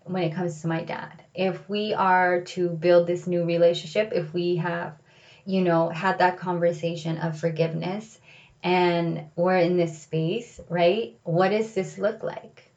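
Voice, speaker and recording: A woman's voice: fairly low pitch, flat delivery, a little slow, darkish tone, lo-fi sound. A woman telling a personal story in a candid, reflective way, often saying "like" and "you know.".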